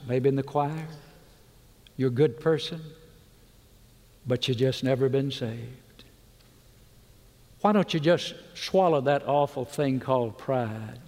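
Middle-aged male preacher, earnest pleading altar-call delivery, mid-pitched, recorded in a reverberant large church. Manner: earnest, pleading, drops soft and slow on key words.

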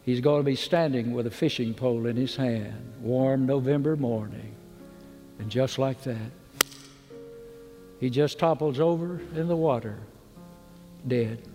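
Middle-aged male preacher, earnest pleading altar-call delivery, mid-pitched, recorded in a reverberant large church. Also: faint music behind. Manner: earnest, pleading, drops soft and slow on key words.

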